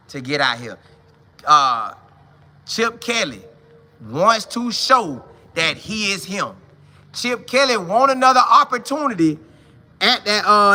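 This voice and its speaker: A man hosting a casual sports talk show, talking straight to his viewers in an excited, slangy way and repeating his lines for emphasis. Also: on the high side.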